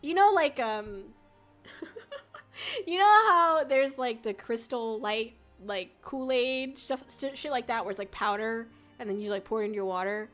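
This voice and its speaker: A young-adult VTuber rambles through a casual livestream chat with viewers, full of fillers and curse words, speaking a little slowly. Her slightly high voice is bright and forward, with faint music underneath.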